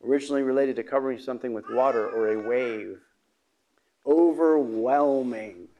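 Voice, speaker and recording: A man preaching a sermon, halting, with many fillers and restarts, often clearing his throat. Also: medium pitch, steady tone, warm tone, muffled recording, a little hiss or hum.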